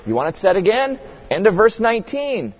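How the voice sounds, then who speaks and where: A pastor delivers a sermon in a reverberant hall, his high voice moving briskly through big pitch swings. He preaches earnestly and emphatically, posing rhetorical questions, and the audio is dull with a long hall reverb.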